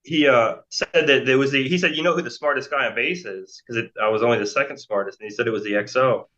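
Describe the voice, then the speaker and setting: Speaking fast in a sharp, medium-pitched voice, an American man in his forties tells a long story as an interview guest. It's casual and rambling, with many fillers and restarts, and the recording sounds dull and lo-fi.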